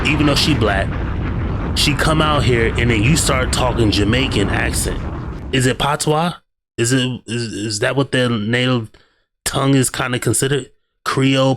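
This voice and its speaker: A man's voice: mid-range voice, fairly bright tone. Man reacting on camera, teasing, slangy banter, everyday mid voice. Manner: slangy, teasing, says "bruh" often. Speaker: reaction video host. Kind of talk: casual reaction commentary.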